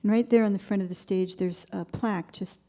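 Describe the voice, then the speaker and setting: A woman's voice: mid-range voice, fairly even intonation, fairly quick, dark tone. A middle-aged woman from New England, a singer-songwriter telling a wry, dry-humored story between songs on a performance stage. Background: guitar music.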